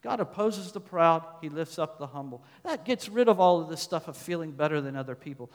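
A man delivers a sermon in a slightly high voice, reading scripture aloud and hammering his points through repetition. His voice swells for emphasis, then drops soft. A long reverb trails each phrase, as in a large hall. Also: expressive, fairly quick, few pauses. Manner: emphatic, rising to loud stresses then dropping soft; repeats phrases, reads scripture verses aloud. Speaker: pastor.

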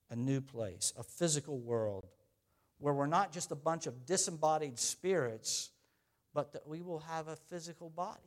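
Middle-aged man, pastor, sermon, slightly high voice, conversational, swings loud to quiet.

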